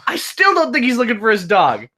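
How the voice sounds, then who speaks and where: A man's voice: very high-pitched, brisk. A young man hosting a casual podcast, telling a story with many restarts and acting out the people in it. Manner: animated storyteller, many restarts and "like"s, acts out the voices in his story. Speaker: game master and podcast host.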